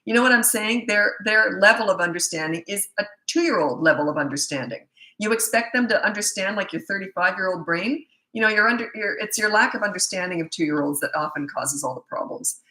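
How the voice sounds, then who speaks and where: A woman's voice: medium pitch, expressive, a little fast, pushed and bright. A middle-aged woman, a parenting coach, bluntly and emphatically answering viewer questions in a live Q&A session. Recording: echoey room.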